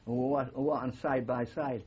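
Old geordie guy rambling thru war stories, husky voice, dull lo-fi tape. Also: mid-range voice, fairly even intonation, brisk, a little mellow. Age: older. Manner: rambling anecdotal storytelling with frequent fillers. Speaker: war veteran interviewee. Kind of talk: oral history interview.

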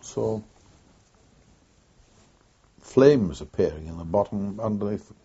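Telling his story for an oral history interview, an older former wartime pilot reflects in an unhurried way, pausing frequently as he recalls events. His deep, dark, mellow voice is very husky yet has lively intonation, and the recording is dull and lo-fi.

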